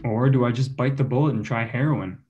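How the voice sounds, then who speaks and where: A man's voice: medium pitch, brisk, a little mellow, lo-fi sound. A man doing a self-deprecating stand-up set over a video call, laughing at his own jokes. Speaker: stand-up comedy student.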